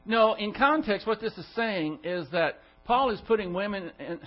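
A man's voice: high voice, expressive, moderate pace, highs cut off, faint music behind. A man teaching a Bible study to a class, emphatic and full of rhetorical questions. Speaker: pastor.

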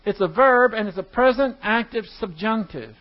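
A man's voice: high-pitched, lively intonation, normal speed, muffled recording. A man teaching an evening Bible study who often stumbles over words, restarts them, and puts questions to his class. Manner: asks the class rhetorical questions.

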